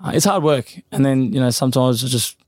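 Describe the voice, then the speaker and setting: A man's voice: medium pitch, darkish tone, no room sound. A man, a professional boxer talking casually as a guest in an interview, full of fillers and restarts. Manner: rapid, loose, repeats fillers.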